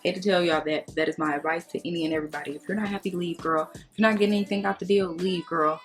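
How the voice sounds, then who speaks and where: A woman's voice: on the low side, steady tone, rapid-fire, background noise. Outspoken, sassy woman vlogger. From United States. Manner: outspoken, sassy, emphatic, candid. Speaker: beauty vlogger. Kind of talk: casual get-ready-with-me chat.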